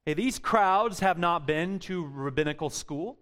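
Slow, dramatic male preacher. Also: a little high. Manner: expressive preaching, swinging from loud emphasis to quiet, drawn-out words. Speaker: pastor. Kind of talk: sermon.

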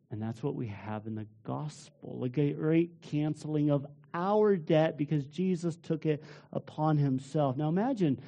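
A male pastor delivers a sermon in a high, mellow voice. He acts out small everyday scenes in different voices. He moves between hushed, heavy passages and loud, lively ones.

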